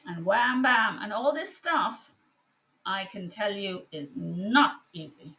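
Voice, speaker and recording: Slow, emphatic woman physician. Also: medium pitch, expressive, pushed and bright. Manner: passionate, slow and emphatic with frequent pauses. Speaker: physician and online course teacher. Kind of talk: personal commentary monologue.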